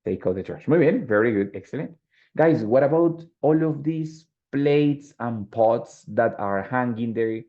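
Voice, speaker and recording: Gravelly, patient man teaching English. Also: mid-range voice, lively intonation. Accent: Colombian Spanish. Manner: patient, explains slowly, mixes in Spanish. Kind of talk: online English class. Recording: dull lo-fi audio.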